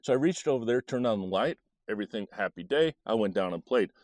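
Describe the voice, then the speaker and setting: A middle-aged man tells a story from his own childhood, his pitch rising and falling in a lively, animated sweep. He recalls it haltingly, restarting phrases often, and the recording is dry and close, with no room sound. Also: no room sound. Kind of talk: personal storytelling.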